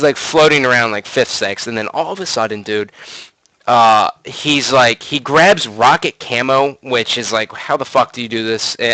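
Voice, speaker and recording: A man's voice: mid-range voice, dry recording, rough recording. A man in his twenties, a gaming commentator, telling a long rambling story in casual chat, full of swearing and fillers like "like" and "you know.". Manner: profane, rambling, animated storytelling with many fillers. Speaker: gaming commentator podcast host.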